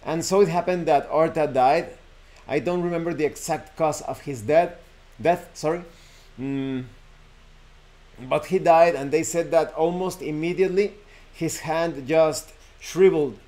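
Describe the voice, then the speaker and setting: A man's voice: a little high, a little slow, warm tone. A man, hosting a show and casually retelling a horror folk tale, rambling and correcting himself with frequent fillers. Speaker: host. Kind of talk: casual storytelling.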